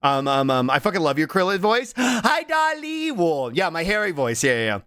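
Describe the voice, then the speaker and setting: Male streamer, casual live chat, lively pitch, bright forceful tone, dry close-mic sound, breaks into loud laughs. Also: smooth, no echo. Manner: animated, laughs loudly, slips into quick character voices.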